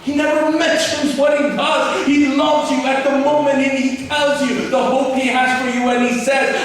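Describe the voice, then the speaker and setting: A man preaching a sermon as pastor, passionate and swinging between loud and hushed. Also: extremely high pitch, level tone, normal speed, hardly any pauses. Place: church sanctuary. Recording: echoey hall from far off, faint noise.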